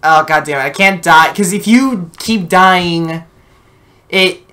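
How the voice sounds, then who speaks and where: A somewhat high-voiced man with a bright, forceful edge talks through a game he's playing, casual and loose. He bursts into loud, excited yelling and curses freely. He's recorded over a voice chat with a friend. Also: slow pace. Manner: excitable, yelling reactions, heavy swearing. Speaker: let's play host and player. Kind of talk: casual gameplay commentary.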